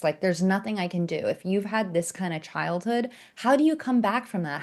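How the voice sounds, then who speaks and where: A woman, an author and coach, telling candid stories as a podcast guest, animated and self-mocking, with sarcastic asides. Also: on the low side. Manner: acts out quoted dialogue in character voices. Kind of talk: candid conversational storytelling.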